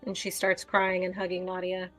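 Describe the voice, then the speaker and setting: A woman's voice: fairly low pitch, completely flat delivery, normal speed, fairly bright tone, faint music behind. Emotional, stammering woman player. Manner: emotional, urgent, stammering in character. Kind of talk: playing a character in a tabletop game.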